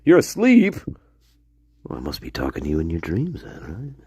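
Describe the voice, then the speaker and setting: A man's voice: deep voice, huge pitch swings, moderate pace, a little mellow, breathy edge, no echo. Giggly man with a dry close sound. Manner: laughs often, repeats phrases, greets viewers by name. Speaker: livestream co-host. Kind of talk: casual livestream chat.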